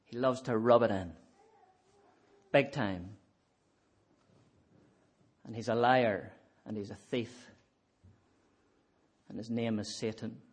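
A man preaching a sermon in a measured, earnest way, leaning on repeated refrains. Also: medium pitch, fairly even intonation, slightly rough.

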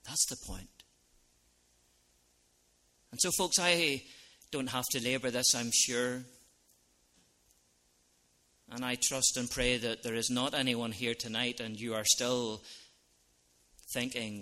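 A man preaching an evangelistic sermon as a minister, earnest, dropping to soft lines and rising to loud ones. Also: medium pitch, steady tone, slow pace, pauses often.

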